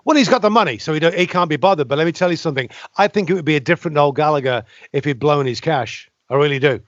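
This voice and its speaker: A man chats on a podcast in an animated way, often stumbling and restarting mid-sentence. His voice sits on the high side. The recording is dry and somewhat muffled. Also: fast talker, no echo. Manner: animated, talks over others, frequent restarts. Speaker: podcast co-host. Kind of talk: casual chat.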